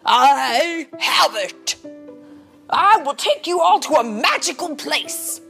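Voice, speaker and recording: A woman voicing a fretful, clever old male frog in a storybook read-aloud, talking slowly and musingly. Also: medium pitch, very animated, faint music behind. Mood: triumphant. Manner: slow, musing and drawn out.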